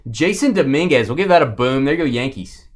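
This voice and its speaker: A man's voice: medium pitch, brisk, noisy background. A man hosting a live sports card break, calling out the cards he pulls and teasing his co-host. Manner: teasing, animated, calls out cards and players.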